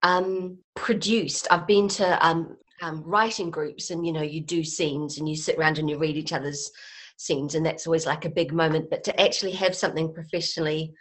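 A woman's voice: sits low, fairly even intonation, moderate pace. Chatty New Zealand woman, self-deprecating. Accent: New Zealand, softened by years in England. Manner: chatty and self-deprecating, rambling with many fillers. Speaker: guest comedy writer. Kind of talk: casual podcast interview.

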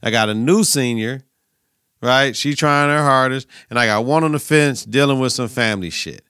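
A man's voice: medium pitch, normal speed, clean tone, no room sound, clean studio sound. A young adult man hosting a casual solo sports podcast, cursing freely as he riffs in slang about games and his work as a teacher and coach. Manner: profane, slangy, animated riffing.

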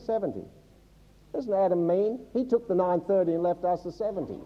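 A man with a high voice preaches a little fast to a congregation at a church service, mixing Bible teaching, questions for the listeners, and funny asides. The highs in the audio are cut off.

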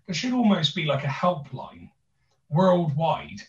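His voice sits on the high side, with lively intonation and an unhurried pace. This young Bristolian podcast host, thick accent and all, rambles through casual chat with many restarts and fillers, recorded in a roomy, distant, dull-sounding space.

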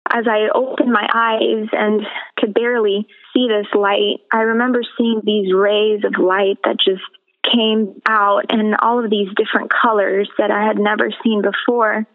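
A woman from the Caribbean, a guest on a radio interview, telling her personal testimony in an earnest, measured way over a phone line. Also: mid-range voice, level tone. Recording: tinny phone-line audio.

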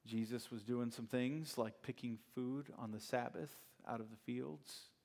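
A man's voice: mid-range voice, steady tone, unhurried, vocal fry, darkish tone. A male pastor preaching a sermon in a conversational, storytelling way, with plenty of rhetorical questions.

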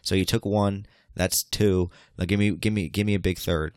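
Deep-voiced young man, crude rambling chat. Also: steady tone, normal speed, a little mellow, dry recording, clean studio sound. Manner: rambling, crude, teasing questions. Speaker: podcast co-host. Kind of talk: casual chat.

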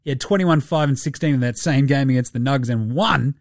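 A man's voice: mid-range voice, brisk, dry recording, clean studio sound. A man hosting a basketball podcast, ranting with heavy swearing and putting on mock voices. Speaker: podcast host. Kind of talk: profane basketball commentary podcast.

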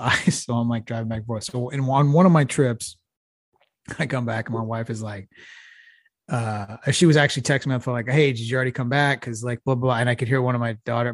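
In a relaxed podcast chat, this middle-aged co-host from Texas spins a meandering, foul-mouthed yarn punctuated by frequent laughter. He speaks at medium pitch. The sound is clean studio audio without echo.

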